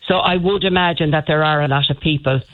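A woman's voice: low voice, fast. A woman with a Cork Irish accent calling a radio show and telling a rambling, friendly story. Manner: chatty, rambling, warm storyteller. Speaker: radio caller. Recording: tinny phone line.

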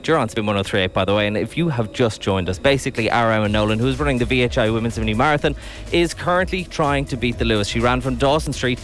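An Irish man presenting live radio while riding a tram, chatty and excitable, laughing often. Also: medium pitch, fast talker, hardly any pauses, soft background music. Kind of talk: live radio stunt commentary. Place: on a tram in a city.

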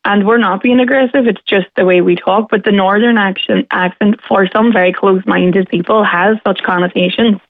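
A woman's voice: medium pitch, steady tone, normal speed, hardly any pauses, dry recording. A woman from Derry with a Derry accent, calling into a radio show and speaking forthrightly and with passion. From Derry, Northern Ireland. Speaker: radio caller. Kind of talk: radio phone-in discussion. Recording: tinny phone line.

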